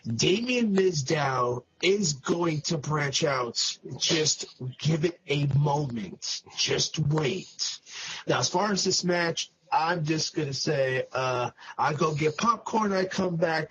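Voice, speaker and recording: A man shares his opinions on wrestling with emphatic, drawn-out delivery. His voice runs a bit high. The audio sounds muffled and lo-fi. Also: fairly bright tone. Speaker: wrestling show reviewer. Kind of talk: casual podcast commentary. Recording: dull lo-fi audio.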